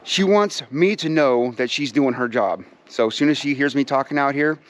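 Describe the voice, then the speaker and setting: A man's voice: mid-range voice, normal speed, a little hiss or hum. Laid-back guy vlogging outside w his birds, mid voice, lots of um, keeps saying you guys. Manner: easygoing and folksy, many fillers, keeps addressing viewers as "you guys"; talks sweetly to his birds while walking around. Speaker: pheasant breeder and channel host. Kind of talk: casual rambling vlog chat. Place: outdoors at a backyard pheasantry.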